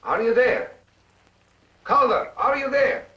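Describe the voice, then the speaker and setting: A man's voice: very high voice, takes it slowly, sharp tone, exaggerated voice. A man playing an anxious, deferential Soviet radio operator in a 1950s film. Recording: muffled old film soundtrack with hiss.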